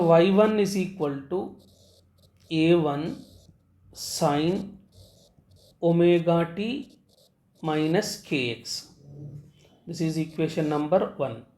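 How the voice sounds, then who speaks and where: Slow, halting male physics teacher. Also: fairly high pitch, darkish tone. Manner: halting, frequent "uh" before key terms, repeats phrases. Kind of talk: recorded physics lecture at a board. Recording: echoey room.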